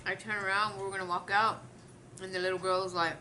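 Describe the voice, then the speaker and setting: A young woman vlogger chats straight to camera, animated and a little indignant, and she acts out the other people's lines in the story. Her voice is bright and forceful. A faint hum sits behind her. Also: medium pitch, fairly quick. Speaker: mukbang vlogger. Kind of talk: casual storytelling to viewers.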